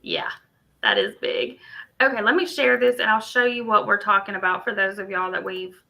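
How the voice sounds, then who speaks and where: A woman's voice: medium pitch, little pitch movement, fairly quick, creaky, sharp tone, rough recording. A woman, co-hosting a casual crochet livestream and thinking aloud as she works on screen. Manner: chatty, thinks aloud while working on screen.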